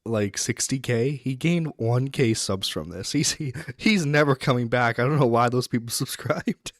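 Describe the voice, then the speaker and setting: A man's voice: medium pitch, normal speed, no room sound. Dry-voiced laughing male show host. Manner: laughing, mocking, blunt. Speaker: internet radio host. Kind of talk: commentary on stream drama.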